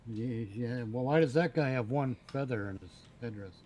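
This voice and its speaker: A man's voice: medium pitch, moderate pace, darkish tone, a little hiss or hum. A man chatting casually while gaming online, mostly making dry, brief remarks.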